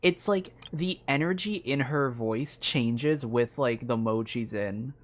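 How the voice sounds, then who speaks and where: A young woman streamer giving chatty, excitable commentary while she plays a game. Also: extremely low pitch, slow. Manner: chatty, excitable, laughs often. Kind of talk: gameplay commentary.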